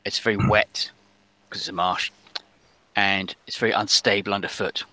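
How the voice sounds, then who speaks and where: A man narrating as game master of a tabletop role-playing game, halting, with many fillers. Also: fairly low pitch, steady tone, pushed and bright, dry recording.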